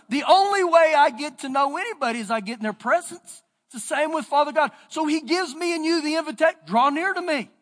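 A man with a Texan accent preaching a sermon as pastor, his voice rising and falling in pitch and loudness. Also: fairly quick, few pauses. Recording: church sermon with long reverb.

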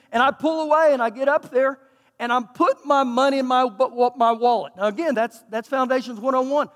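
A man with a Texan accent, a pastor preaching a sermon in an animated, folksy, self-mocking storytelling way, recorded in a church sanctuary. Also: very high voice. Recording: long hall reverb.

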